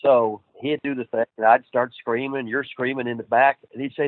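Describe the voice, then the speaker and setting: A man's voice: mid-range voice, moderate pace, few pauses, dry recording. Profane storytelling man on a phone line. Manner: profane, animated, laughs at his own stories. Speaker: wrestling trainer, guest. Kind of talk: casual storytelling interview. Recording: dry tinny phone-like line.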